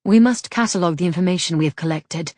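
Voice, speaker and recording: A woman voicing a brisk, sharp-tongued proper lady. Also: lowish voice, no echo, studio quality, lightly acted. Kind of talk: audiobook character voice.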